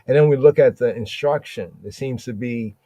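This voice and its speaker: A man giving a slow, deliberate scripture study on a podcast, reading verses aloud and checking in often with "right?". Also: mid-range voice, warm tone, no room sound. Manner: repeats and restarts words while reading. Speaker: podcast Bible teacher.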